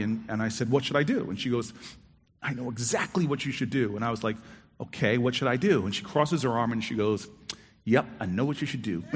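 A man's voice: medium pitch, breathy edge. A man telling a personal story to an audience, acting out the quoted dialogue with big jumps in his voice. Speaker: storyteller on stage. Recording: long hall reverb.

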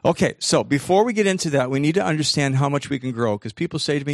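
A man in his sixties giving an animated motivational talk to a live audience, teasing the crowd and acting out voices. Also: on the high side, fast, few pauses, no echo, clean studio sound.

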